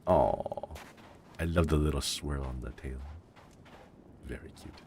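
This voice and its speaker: A man streaming a game from home and chatting casually. He is sleepy and yawning, and he muses dreamily with soft exclamations of delight. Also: very deep voice, unhurried, vocal fry, background noise. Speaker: livestreamer. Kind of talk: casual gameplay commentary.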